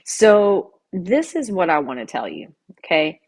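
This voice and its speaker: A middle-aged woman talks through her solo podcast in a relaxed, chatty way, tossing in "right?" and "okay?" as she goes. Her voice sits a little low for a woman. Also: a little slow. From Louisville, Kentucky. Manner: conversational, keeps asking "right?" and "okay?". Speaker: podcast host. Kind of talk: casual solo podcast talk.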